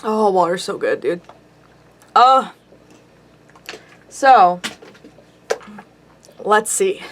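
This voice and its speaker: A woman's voice: mid-range voice, expressive, extremely slow, a little hiss or hum. A young woman vlogger telling a rambling story to camera, giggling and squealing now and then.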